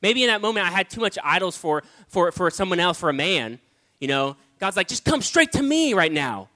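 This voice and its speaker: A male preacher with a fairly high, bright, forceful voice. He tells a sermon story in a lively way, acting out his own past words. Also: fast talker. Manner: animated, storytelling, acts out his own lines.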